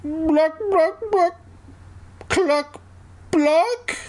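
A man reading aloud, voicing a nervous preteen boy who pleads and breaks into high chicken clucks. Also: very animated, measured pace, husky, heavily acted. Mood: clucking.

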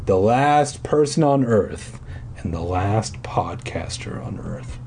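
A man's voice: fairly low pitch, lively intonation, slow, noisy background. A man in his twenties reading a children's book aloud on a podcast, with wry, self-mocking asides. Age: 20s.

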